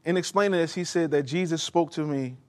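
A man's voice: on the high side, a little fast, darkish tone. A man preaching a sermon, emphatic and speaking directly to his congregation in a church. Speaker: pastor. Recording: long hall reverb.

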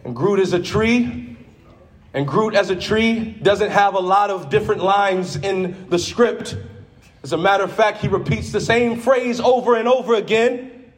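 A man. He moves from soft, low teaching into loud call-and-response shouts. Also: unhurried. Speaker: preacher. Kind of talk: sermon.

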